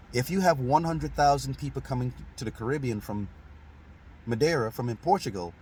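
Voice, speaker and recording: A man's voice: mid-range voice, darkish tone, slight background noise. Easygoing man chatting about history. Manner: conversational, laughs often, restarts sentences. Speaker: host. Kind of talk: casual history chat.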